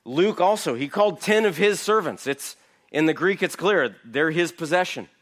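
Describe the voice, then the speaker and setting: A man's voice: on the high side, lively intonation, moderate pace, a bit bright. A man giving an emphatic verse-by-verse Bible teaching, asking his listeners questions. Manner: emphatic, asks the audience rhetorical questions.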